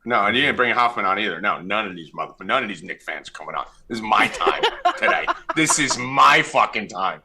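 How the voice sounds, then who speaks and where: A young man hosting a casual sports betting podcast, brash and profane, loudly ribbing his co-hosts. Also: lowish voice, animated, fairly quick, breathy edge. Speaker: podcast host.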